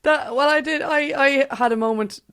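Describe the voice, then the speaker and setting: Brief: young irish woman host, slightly high voice, cheeky and chatty, quick to laugh. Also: a bit bright. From Ireland. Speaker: interview host. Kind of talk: casual interview chat.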